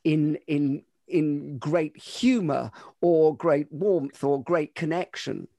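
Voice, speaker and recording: A man hosting a podcast, asking reflective questions in a halting way. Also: a little high, creaky, dark tone, no room sound, studio quality. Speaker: podcast host. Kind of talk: interview questions.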